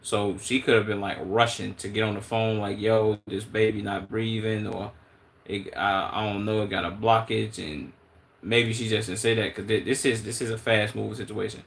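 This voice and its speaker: A man with a Chicago accent talks through a late-night live stream in a fairly low voice. He is relaxed and keeps thinking aloud, peppering his talk with slang and stopping to restart his sentences. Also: moderate pace, gravelly. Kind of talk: casual live-stream commentary.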